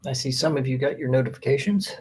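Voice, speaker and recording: A man's voice: medium pitch, fast talker, a little mellow, slight background noise. A man hosting a casual live stream, greeting viewers by name as they join. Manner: friendly, reads out viewer names one by one.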